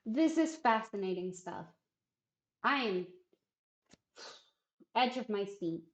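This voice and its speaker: Lady streamer chatting casually, wry and rambly, mid-pitched voice in a roomy space. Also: animated, slow pace. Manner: rambling, self-deprecating, wry. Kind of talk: casual livestream chat. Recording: roomy, muffled stream audio.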